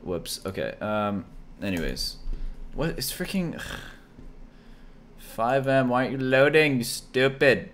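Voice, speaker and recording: A man who makes gaming videos, talking casually with a friend on a voice call and blurting out short, excitable reactions. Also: mid-range voice, measured pace, pauses often, a little hiss or hum. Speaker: gaming YouTuber and streamer.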